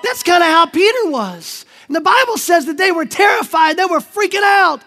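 High-voiced, energetic youth preacher. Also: male voice, normal speed. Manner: energetic, slangy, often shouting. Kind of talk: sermon.

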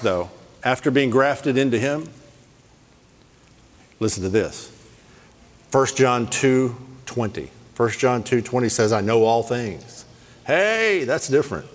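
A man preaching a sermon in a lively, playful way, rattling off scripture references. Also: mid-range voice, a little slow, long pauses. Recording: long hall reverb.

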